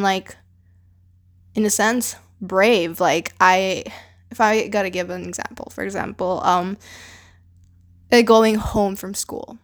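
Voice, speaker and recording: A young woman from the Philippines talks through her own story on a podcast in a loose, rambling way. She leans on filler words constantly and drops casual swears as she goes. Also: medium pitch. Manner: rambling, heavy use of fillers like "like" and "you know". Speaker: podcast host. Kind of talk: casual personal monologue.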